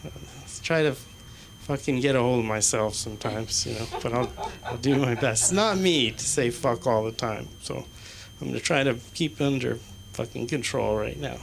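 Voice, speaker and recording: A man performing stand-up in a small comedy club, his delivery halting and rambling, with a swear word every few phrases. Faint room noise sits under his voice. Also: medium pitch, vocal fry. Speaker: stand-up comic. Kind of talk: stand-up set.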